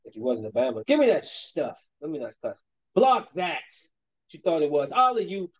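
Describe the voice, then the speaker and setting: A man in his thirties chatting casually while he plays a basketball video game, rambling and then breaking into sudden loud outbursts at the game. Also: fairly high pitch, very animated, a little fast, slightly rough, dull audio. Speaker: streamer and father.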